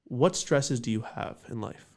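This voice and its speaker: A man playing a stern older man who asks curt, flat questions in a low, quiet voice. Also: moderate pace, close to an everyday voice. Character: stern, unsmiling older man running a stress test.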